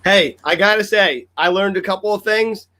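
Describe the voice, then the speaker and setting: A male host with a fairly high voice moves the show along, thanking a guest and building up the next act. He talks with quick, excited energy. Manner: upbeat wrap-ups and introductions. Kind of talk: talk show hosting.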